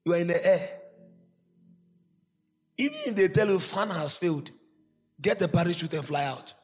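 A man with a Ghanaian accent preaching a sermon, swinging between loud shouts and low asides. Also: moderate pace, big-room sound, soft background music. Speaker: pastor.

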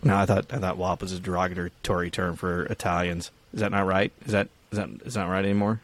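A man's voice: deep voice, flat delivery, fast talker. A young man co-hosting a podcast in casual chat, rambling with restarts and swearing freely. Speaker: podcast co-host.

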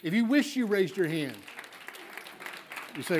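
A man's voice: sits high, big pitch swings, measured pace, long pauses, crowd noise, noisy background. A man, a pastor, leading an altar call and fervent prayer in a coaxing, repetitive way. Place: church sanctuary.

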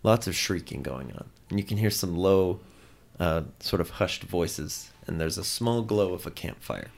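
A man narrating a tabletop role-playing game as game master, describing scenes in a relaxed storytelling way. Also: deep voice, normal speed, gravelly.

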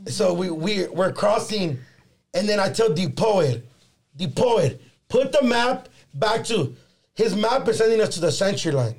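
A man's voice: sits high, a little slow, gravelly. A young man telling a story in a casual podcast chat, swearing freely and slipping in Spanish slang. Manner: profane, animated storyteller, slips in Spanish slang.

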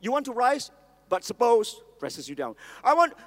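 A male preacher tells stories in his sermon and keeps asking the audience questions. His voice sits high. A long reverb of a large hall carries every line. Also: very animated, normal speed, fairly bright tone. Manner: storytelling, asks the audience questions.

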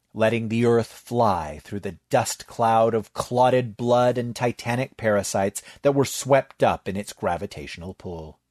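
A male narrator reads a science fiction story in an unhurried, expressive storytelling manner. His pitch moves widely across each phrase, and he takes each line slowly. The voice sounds close and dry, with no room around it. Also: no room sound.

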